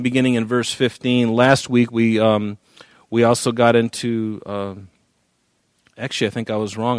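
A man's voice: fairly low pitch, dry recording. A man preaching and teaching through a Bible chapter in a conversational way, with frequent fillers and restarts, lifting his voice when he reads scripture aloud. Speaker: pastor.

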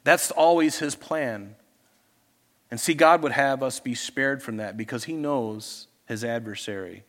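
A man's voice: medium pitch, a little slow. Male pastor preaching in church, earnest, mid-range voice, dynamic delivery. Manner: earnest, swings between loud urging and soft asides. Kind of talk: sermon. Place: church with congregation.

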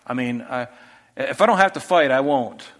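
A male pastor preaching a sermon earnestly, often dropping to a soft voice for rhetorical questions. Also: mid-range voice, animated, normal speed.

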